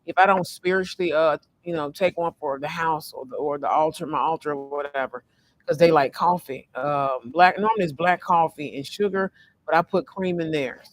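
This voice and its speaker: Male tarot reader, high voice, casual vlog, meandering delivery with many fillers and restarts. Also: moderate pace. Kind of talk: casual spiritual card reading vlog. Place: sitting in a fast-food restaurant.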